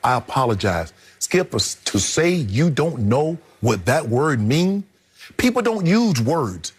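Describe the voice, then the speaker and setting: A man's voice: a little high, very animated, takes it slowly, darkish tone, breathy edge. A middle-aged man giving heated, emphatic opinion commentary on a sports debate show, hammering his points home by repeating them.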